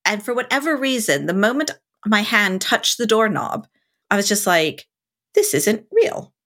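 A woman in her forties, a podcast guest, telling a candid story and acting out her own past thoughts with big swings in her voice. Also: moderate pace. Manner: animated, acts out her own past thoughts with big pitch leaps and swearing.

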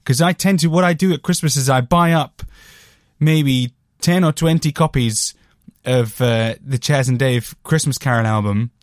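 A man's voice: medium pitch, moderate pace, no echo, studio quality. A British man hosting a casual music monologue, rambling and self-deprecating with lots of fillers. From Britain. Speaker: podcast host reviewing albums.

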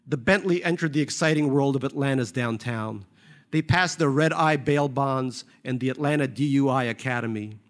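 A man's voice: medium pitch, moderate pace. A man reading a novel aloud, with wry, conversational asides between the passages. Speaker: reader.

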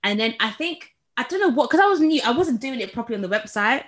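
A woman from England co-hosts a casual podcast, talking in a slightly high voice. She tells stories with lively acted-out quotes. Her delivery is chatty and animated. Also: fast. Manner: animated storytelling, acts out quotes. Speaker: podcast co-host. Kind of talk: casual chat.

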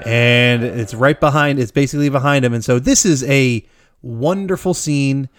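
A man's voice: medium pitch, moderate pace, over music. A man co-hosting a podcast, recapping a film in casual, rambling chat, swearing freely and laughing often. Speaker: podcast co-host.

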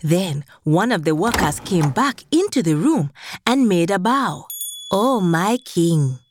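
A woman hosting and narrating folktales for young children in an animated, sing-song storybook manner. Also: fairly low pitch, measured pace, background noise.

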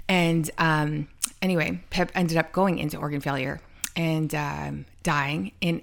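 A woman's voice: deep voice, gravelly. A middle-aged woman co-hosting a podcast, telling a personal story in casual chat, with many ums and restarts. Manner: chatty, many ums and restarts, quotes herself. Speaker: podcast co-host.

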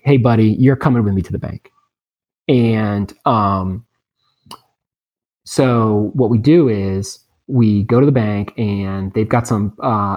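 A man in his thirties, a podcast guest in recovery, telling a story in a casual, animated and emphatic way. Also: fairly low pitch, highs cut off.

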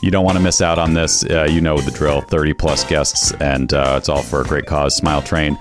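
A man's voice: extremely low pitch, fairly even intonation, a little fast, over music. A man hosting a podcast, plugging live shows and chatting casually, laughing easily. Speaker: podcast host. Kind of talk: casual podcast chat and show plugs.

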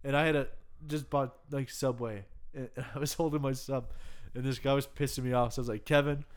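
A man's voice: medium pitch, fairly even intonation, fairly quick. A young man co-hosting a podcast, rambling through stories in a loose, laughing, swearing way, a little drunk. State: tipsy. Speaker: podcast co-host. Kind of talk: casual chat, storytelling.

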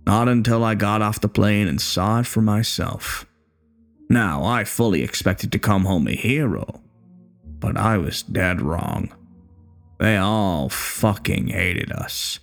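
A bitter old war veteran, acted by a man, in a horror story, with a low, gravelly voice. He talks coarse and profane, taunting and menacing by turns. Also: slow, soft background music.

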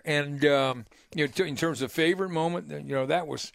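A man's voice: fairly high pitch, fairly quick, creaky, few pauses, no room sound, studio quality. An older man hosting a sports radio show, telling long rambling anecdotes with many restarts and "right?" tags. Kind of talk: casual radio storytelling. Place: radio studio.

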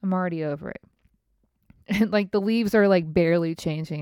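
A woman's voice: on the low side, a little slow, long pauses, a little mellow, clean tone, no room sound, studio quality. A woman in her thirties chatting casually as a host, swearing freely and laughing through her story. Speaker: podcast host. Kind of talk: casual chat.

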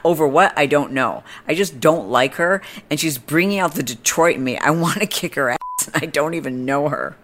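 Low-voiced woman telling a snarky story. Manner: animated, snarky retelling with quoted voices. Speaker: podcast host. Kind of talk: casual storytelling.

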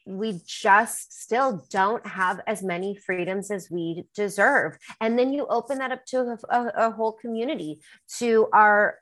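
Woman, bright voice, singer guest, emotional, rambling, candid interview. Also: mid-range voice, poor audio. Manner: emotional, rambling, many fillers.

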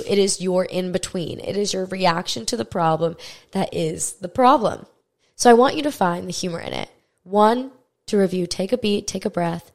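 A young adult woman hosting a self-help podcast, talking straight to the listener in a frank, swearing, coaching way. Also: mid-range voice. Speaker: podcast host. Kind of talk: casual self-help monologue.

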